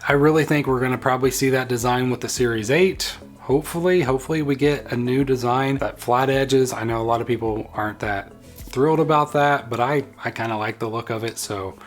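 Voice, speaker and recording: A man talking casually in a vlog-style tech review, chatty and enthusiastic, prone to playful tangents. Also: mid-range voice.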